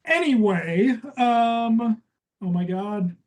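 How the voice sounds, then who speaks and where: A woman's voice: a little high, extremely slow, darkish tone, low-quality recording. A woman co-hosting a comedy podcast, chatting casually and retelling plots with laughter. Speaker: podcast co-host.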